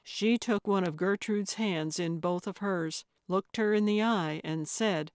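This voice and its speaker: Woman audiobook narrator, steady mid pitch, slow deliberate pace. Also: no room sound, clean studio sound. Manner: measured, unhurried storytelling. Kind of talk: scripted narration.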